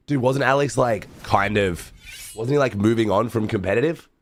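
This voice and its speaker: A young Australian man with a hoarse, rough low voice, talking loosely to his stream chat while he watches. He swears offhandedly and keeps the tone laid-back. The sound is close and dry. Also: lively intonation, a little fast, dry recording. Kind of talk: casual livestream watch-along commentary.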